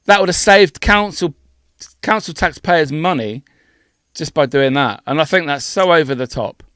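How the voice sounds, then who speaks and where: A man's voice: fairly high pitch, a little slow, long pauses, fairly bright tone, dry recording, clean studio sound. A man co-hosting a podcast, ranting indignantly and swearing freely in casual chat. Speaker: podcast co-host.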